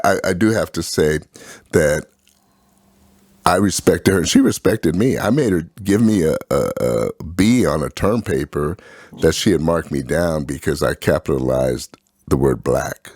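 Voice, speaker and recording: A man's voice: rumbling low, a little slow, a little mellow, slightly rough, dry recording, clean studio sound. A man co-hosting a casual political talk show, telling stories and laughing often. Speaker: co-host.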